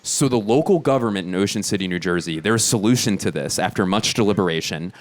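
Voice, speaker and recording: A male comedian in his thirties performs a stand-up set on stage, his pitch swinging widely as he tells stories. He sounds incredulous and breaks into sudden high outbursts. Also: animated, fast. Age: 30s. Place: comedy stage before a live audience.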